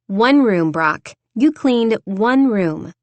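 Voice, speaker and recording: Jane is a feisty, quick-tempered young woman with a spirited, indignant edge, as a woman narrator voices her. The voice runs higher and brighter than the narration, in a close, dry recording. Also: lively intonation, no echo.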